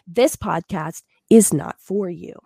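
A woman co-hosting a casual podcast, hoarse-voiced, animated and swearing freely. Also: on the low side, slow pace, no echo. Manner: animated, swearing, laughing a lot. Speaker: podcast co-host.

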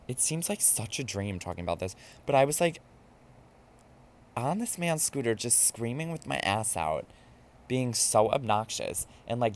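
A man hosting a podcast, telling a drunken night-out story in a campy, animated, casual way. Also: on the low side. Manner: campy and animated, mimics voices in quotes. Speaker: podcast host. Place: New York.

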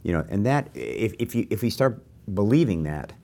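Older man, very deep voice, lively anecdotal talk, self-mocking. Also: normal speed, creaky. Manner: animated, anecdotal, self-deprecating. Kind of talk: conversational interview.

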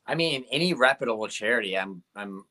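A man's voice: medium pitch, expressive, a little fast, bright, forceful tone. A young comedian telling stories from his shows in a casual interview, rambling with lots of "like" and fillers. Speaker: comedian guest.

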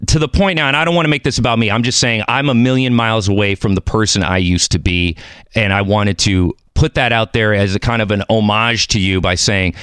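A man's voice: lowish voice, fairly even intonation, fairly quick, a bit bright, clean tone, dry recording, clean studio sound. A man hosting a podcast, chatting casually, joking and swearing freely. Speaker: podcast host.

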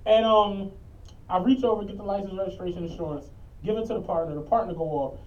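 A man's voice: high-pitched, quick pace, a little mellow. Philly man, podcast co-host, easygoing, a bit profane, far-off lo-fi recording. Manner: laid-back, profane, laughing storyteller. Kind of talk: casual storytelling chat. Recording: distant, dull lo-fi mic.

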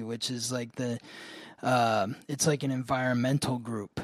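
A man's voice: medium pitch, steady tone, measured pace, no echo. A man hosting an astrology podcast, telling a story in a casual, rambling way full of fillers. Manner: rambling, many "like" fillers, laughs often.

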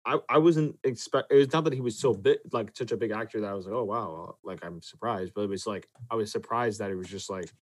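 A man co-hosting a podcast who speaks hesitantly, restarting and trailing off softly. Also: lowish voice, fast, hardly any pauses, dry recording. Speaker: podcast co-host. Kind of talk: casual chat.

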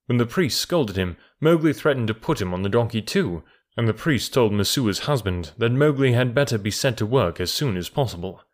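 A man reading a classic storybook aloud in a calm, measured way. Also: medium pitch. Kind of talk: storybook narration.

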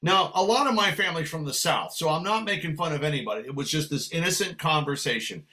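Older man telling a lively story. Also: on the high side, fast. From San Francisco, USA. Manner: animated anecdote telling with acted dialogue. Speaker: guest musician. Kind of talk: storytelling in conversation.

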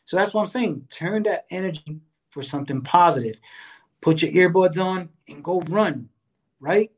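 Man, fairly high voice, earnest casual chat, keeps saying right. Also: moderate pace. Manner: earnest, repeats "right?" and "you know"; enjoys exercise, speaks of fitness. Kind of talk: casual conversational advice.

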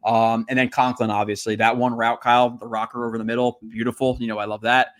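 A man's voice: medium pitch, level tone. A man co-hosting a sports podcast in casual chat, rambling and blunt, with the odd curse. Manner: rambling, quick, blunt and profane. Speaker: podcast co-host. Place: livestreamed podcast reading chat.

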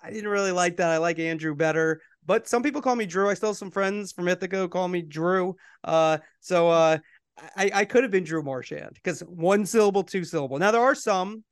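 A man's voice: sits high, fairly quick, smooth, dry recording, studio quality. A middle-aged man co-hosting a podcast in casual chat, telling stories and laughing easily. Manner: chatty, storytelling, laughs easily. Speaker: podcast co-host.

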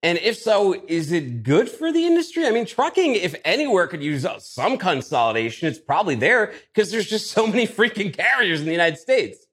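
Interview host, man, slightly higher voice, relaxed and folksy. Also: a little fast, few pauses, breathy edge. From Boston area. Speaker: podcast host. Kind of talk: casual interview questions.

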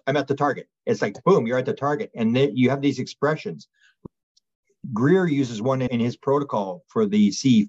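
A man being interviewed as a guest researcher, telling stories in a rambling, animated way with many restarts. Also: mid-range voice, slightly rough, lo-fi sound. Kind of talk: casual storytelling interview.

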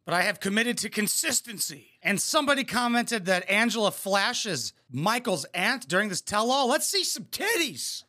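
A man's voice: high voice, expressive, normal speed, hardly any pauses, bright, forceful tone. A man hosting a reaction video, tossing out crude, sarcastic, mocking commentary.

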